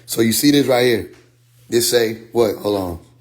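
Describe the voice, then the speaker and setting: Animated man telling a story with profanity. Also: mid-range voice, a little slow. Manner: animated, profane, quotes others in dialogue. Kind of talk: casual storytelling monologue.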